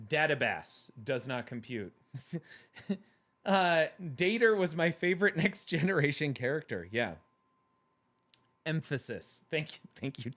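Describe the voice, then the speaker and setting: A man's voice: a little high, fairly bright tone. A man hosting a livestream, chatting casually with viewers and laughing often in a playful way. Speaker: livestream host reading chat. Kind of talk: casual chat.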